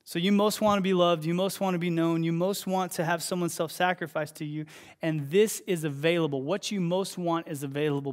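A young man preaching a sermon as pastor, telling stories with energy and loud bursts of emphasis. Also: a little high.

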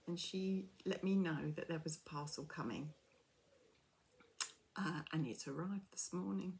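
A woman crafting vlogger chatting casually as she opens gifts, gushing and gasping, often dropping to a soft breathy near-whisper. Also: lowish voice, takes it slowly, long pauses, a little hiss or hum. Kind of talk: casual unboxing chat.

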